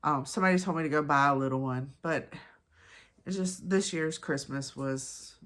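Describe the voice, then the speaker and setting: Low-voiced woman with a stuffy nose. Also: normal speed, fairly bright tone. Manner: chatty, rambling, laughs at herself. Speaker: crochet podcast host. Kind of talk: casual chat to camera. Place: at home, indoors.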